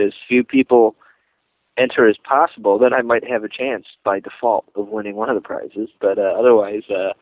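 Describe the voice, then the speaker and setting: Halting man on a tinny phone line. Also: lowish voice, no echo. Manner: halting, rambling, many restarts. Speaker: voicemail caller. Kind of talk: casual voicemail message.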